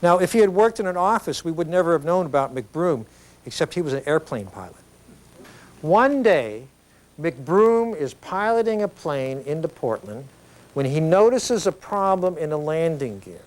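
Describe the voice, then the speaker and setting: A middle-aged man giving an educational video lecture, explaining ideas in a conversational, animated storytelling way with frequent tag questions. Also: on the high side, moderate pace.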